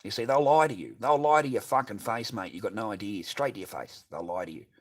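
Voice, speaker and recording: Brief: middle-aged Australian man, lowish voice, cursing and bitter, repeating himself in a long rant. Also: fast talker. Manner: profane, repetitive, bitter. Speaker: streamer. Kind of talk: ranting monologue.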